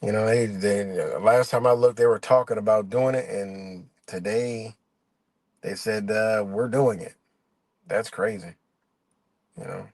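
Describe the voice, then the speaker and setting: A man's voice: fairly low pitch, unhurried, darkish tone, dry recording. A man ranting on his live stream, swearing a lot, exasperated and rambling, and mocking people in quoted voices. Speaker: livestream host.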